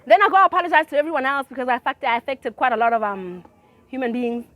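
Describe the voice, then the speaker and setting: Lively woman telling a story. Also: fast. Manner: animated, swinging from low mutters to loud outbursts; laughs through her own story. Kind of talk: casual storytime chat.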